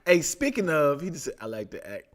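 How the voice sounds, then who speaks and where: A man with a Baltimore accent, co-hosting a casual talk show, joking and laughing often. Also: fairly quick. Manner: playful, laughs often, lively pitch. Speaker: podcast co-host. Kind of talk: casual banter.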